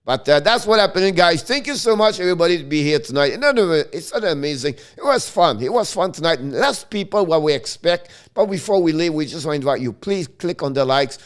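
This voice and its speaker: Man, middle-aged, excitable stream host, casual chat, resonant voice, keeps restarting sentences. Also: a little high, a little fast, hardly any pauses. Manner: excitable, restarts and self-corrections. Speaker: hockey live-stream host. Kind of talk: casual live-stream talk.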